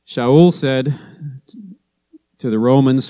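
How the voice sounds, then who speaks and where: A man's voice: medium pitch, expressive, unhurried, a little mellow. A middle-aged man delivers a sermon as a pastor. He talks casually and tells stories, slipping into the voices of the people he quotes. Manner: conversational storytelling, with anecdotes and acted-out quotes.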